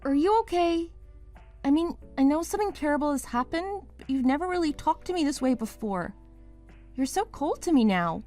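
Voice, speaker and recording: A woman's voice: sits high, lively intonation, moderate pace, mellow, soft background music. A woman playing a young wife in a dramatized story, pleading and then accusing her partner.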